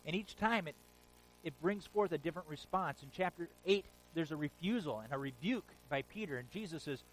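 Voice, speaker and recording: Man preaching, lively storytelling, casual paraphrase, slightly high voice, faint hum behind. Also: brisk, low-quality recording. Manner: animated storytelling, paraphrasing scripture in casual modern speech. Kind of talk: sermon.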